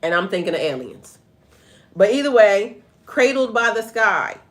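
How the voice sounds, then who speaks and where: A woman's voice: medium pitch, sing-song, normal speed. A middle-aged woman giving a casual livestream tarot reading, talking straight to viewers and breaking into laughing, profane stories. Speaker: tarot reader and spiritual life coach.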